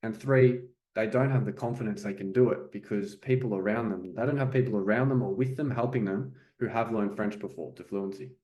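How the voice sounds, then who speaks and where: With a fairly low, mellow voice, this man speaks a little fast and hardly pauses. He's a French coach giving viewers conversational tips on learning the language, peppering his talk with "okay" and "you know." The recording is reverberant.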